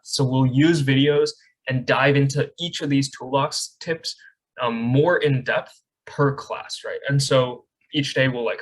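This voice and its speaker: A man's voice: mid-range voice, a bit bright, rough recording. A young man teaching a public speaking class over a video call, casual and chatty, often checking in with "right?". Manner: casual, frequent "right?" check-ins and fillers. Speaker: speech coach. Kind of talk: online class lecture.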